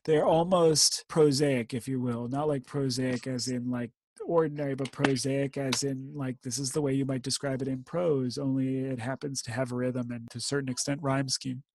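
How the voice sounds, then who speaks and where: A man reading war poetry aloud with slow, measured emphasis, then discussing it casually as a podcast co-host. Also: medium pitch, steady tone, a little mellow.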